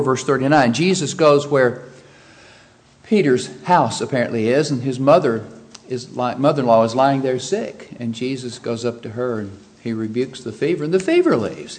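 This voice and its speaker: A middle-aged man preaching a sermon, animated and vivid, jumping up in pitch when he acts out frightened voices. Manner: animated preaching, acts out quoted panic with sharp rises in pitch. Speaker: pastor.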